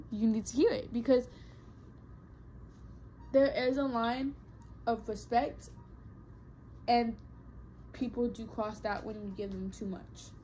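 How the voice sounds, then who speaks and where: A woman's voice: fairly high pitch, a little mellow, a little hiss or hum, rough recording. A young adult woman vlogging casual advice straight to her viewers, earnest and emphatic, often repeating herself for weight. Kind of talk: casual advice talk to camera.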